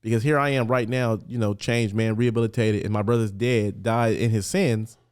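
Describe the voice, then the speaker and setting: Slightly low-voiced man telling his story. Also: steady tone, brisk, a little mellow, clear, resonant tone. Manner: candid, earnest, casual street talk. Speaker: podcast guest. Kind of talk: personal storytelling interview.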